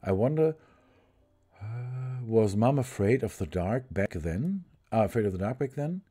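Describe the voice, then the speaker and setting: A man streams a story game live, reading its text aloud haltingly, restarting lines, and chatting with viewers in between. His voice is lowish, mellow and husky, with big swings in pitch.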